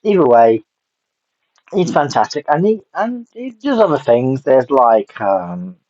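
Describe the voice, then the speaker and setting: A man's voice: medium pitch, very animated, unhurried, a little mellow, dry recording. Rambling man, dull lo-fi sound. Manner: rambling, blunt, swears casually, trails off. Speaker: film reviewer. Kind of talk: casual rambling film review.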